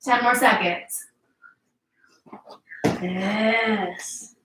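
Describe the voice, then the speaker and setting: A woman's voice: mid-range voice, drawn-out words, background noise. A woman fitness instructor coaching a workout class, upbeat and encouraging as she cues each move, at times out of breath. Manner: upbeat, encouraging, cueing moves. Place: home workout space, indoors. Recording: roomy echo, mic at a distance.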